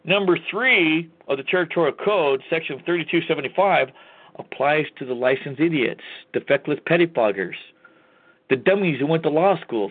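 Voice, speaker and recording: A man's voice: a little high, lively intonation, fairly quick, slightly rough. Combative talk-radio man on a tinny line. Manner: folksy, combative, keeps saying "folks". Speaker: radio host. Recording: tinny phone-line sound.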